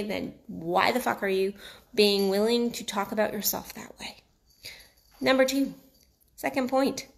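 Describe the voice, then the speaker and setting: This is a woman with a mixed New York and Texas accent, coaching her viewers in a blunt, casual motivational talk. Her voice sits slightly high and has a rough, gravelly texture. She swears freely and circles back to repeat her points. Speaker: sex and relationship coach. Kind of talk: motivational direct-to-camera talk.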